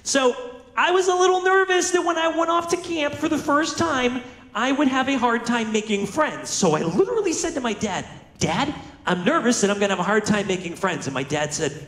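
A man speaking to an audience, telling a self-mocking story and slipping into the voices of the people in it. His voice sits a little high and leaps up and down. The sound rings in a roomy hall. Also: lively intonation, brisk, fairly bright tone. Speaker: motivational speaker. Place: large room with audience.

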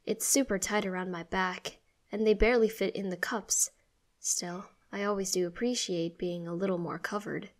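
Woman reading a story out loud, first person, steady and expressive. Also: mid-range voice, moderate pace. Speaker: story narrator.

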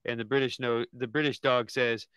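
A man's voice: medium pitch, steady tone, a little fast, a bit bright, smooth, no room sound. A man co-hosting a podcast, describing memes in upbeat, joking casual chat. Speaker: podcast co-host.

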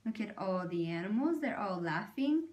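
A woman reading a picture book aloud to children, animated, doing animal noises and pointing out the pictures. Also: medium pitch, normal speed. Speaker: storyteller.

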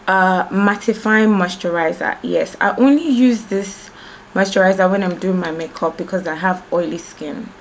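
A woman's voice: lowish voice, slight background noise. A young woman in a casual behind-the-scenes vlog, chatting playfully to her viewers while getting ready at home. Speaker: beauty and lifestyle vlogger. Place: at home, among her filming lights.

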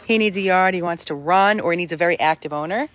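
An older dog rescuer chatting at home while playing with a puppy, breaking into high coaxing calls to the dog. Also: quick pace, fairly bright tone. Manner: talks to the dog in high coaxing calls between plain remarks. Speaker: dog rescuer showing a dog for adoption. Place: home with a dog, in hot weather.

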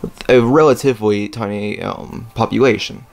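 A young man hosting a let's play, rambling casually with lots of fillers and throat clearing as he plays a strategy game. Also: fairly low pitch, steady tone, moderate pace, slight background noise. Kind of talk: casual gameplay commentary. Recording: faint game music behind.

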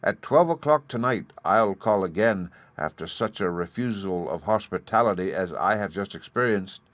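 A man's voice: medium pitch, animated, moderate pace, a bit bright, dry recording, voice pushed up, natural voice. A man voicing a tiny, magical old man with long grey hair, who begs humbly and then turns coolly ironic.

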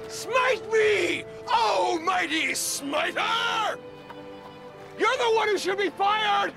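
An actor playing a furious man who shouts defiant taunts up at God. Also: very high voice, full character voice.

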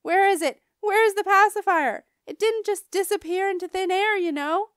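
A woman's voice: extremely high pitch, normal speed, a bit bright, no echo, studio quality, voice pushed up. A woman voicing a frazzled mother of a crying baby, hollering frantically. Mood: frantic.

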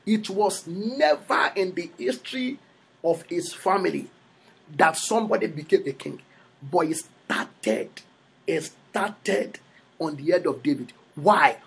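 A man's voice: sits high, animated, unhurried, creaky, husky. A man with a Yoruba accent preaching a sermon as a prophet, repeating phrases for emphasis.

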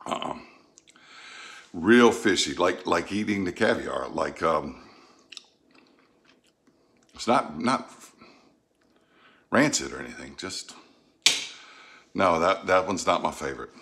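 Middle-aged southern guy from the gulf, low voice, folksy rambling chatter in a home cooking vlog. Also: animated, takes it slowly, gravelly, pauses often. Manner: chatty, folksy, thinks out loud while tasting. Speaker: cooking vlogger.

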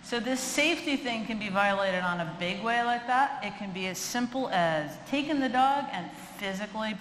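Woman, middle-aged, dog trainer, humorous lecture, animated, echoey hall, faint background noise. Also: mid-range voice. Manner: animated, chatty, acts out quoted voices.

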